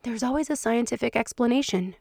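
A woman voicing a skeptical female scientist who argues softly but firmly for science, breathless at times. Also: on the high side, brisk, vocal fry, no room sound, clean studio sound, voice pushed up.

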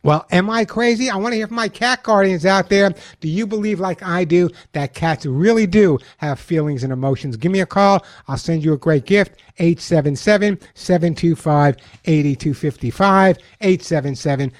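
A man's voice: fairly high pitch, darkish tone, no echo, clean studio sound. A man from Long Island hosting a call-in pet radio show, chatty and jokey, often repeating the phone number. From Long Island, New York. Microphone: studio microphone.

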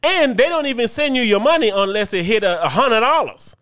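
A middle-aged man co-hosting a podcast, telling stories in a loose, profane, animated way and laughing often. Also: very high-pitched, fairly quick. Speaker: podcast co-host. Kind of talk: casual chat.

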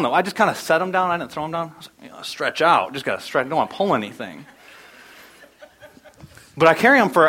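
A middle-aged man delivers a sermon in a fairly high voice, telling stories with lively energy. At times he drops almost to a whisper to press a point home. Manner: storytelling, animated, drops to near whisper for emphasis. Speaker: pastor.

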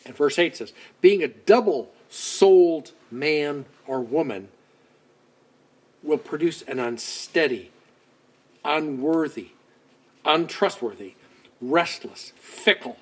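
A man preaching a conversational sermon, acting out quoted voices and dropping to soft asides. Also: fairly high pitch, expressive, takes it slowly, pauses often, slightly rough. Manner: conversational, dramatic swings between loud outbursts and soft asides.

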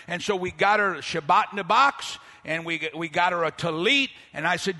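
A man preaching a sermon as pastor, animated, swinging between loud outbursts and quiet, slow asides. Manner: animated preaching, pitch and volume swinging widely, voicing people in his story. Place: church hall. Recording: long reverb of a large hall.

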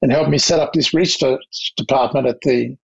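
An older man with an Australian accent, recounting his diplomatic career in a measured, anecdotal interview manner. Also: mid-range voice, gravelly, slightly rough, dull audio. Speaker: guest, diplomat. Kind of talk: reflective interview storytelling.

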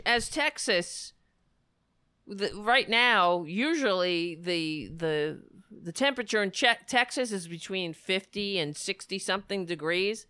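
A woman vlogger angrily ranting in reaction to a news clip, swearing often and breaking off into halting restarts. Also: mid-range voice, sharp tone, clear, resonant tone, no echo, clean studio sound. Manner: indignant, profane, halting restarts. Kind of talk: angry reaction rant.

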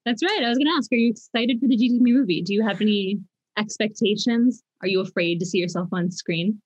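A woman's voice: medium pitch, fast talker, a little mellow, slightly rough, dry recording. A woman asks friendly, upbeat interview questions in a mid-range voice. Her audio is dull and muffled, as over a video call. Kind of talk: casual interview.

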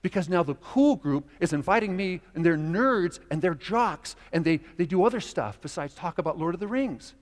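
A man preaches to his congregation, telling a story and acting out the voices of its people. His voice sits fairly high and swings widely in pitch. A long reverb from the church hall trails behind every phrase. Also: normal speed, hardly any pauses. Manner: storytelling, animated, acts out quoted voices. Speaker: pastor. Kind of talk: sermon. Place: church sanctuary.

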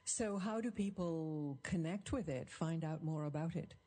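A woman's voice: low-pitched, a little slow, warm tone. A woman hosting an interview, asking questions and giving brief, affirming replies. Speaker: interview host.

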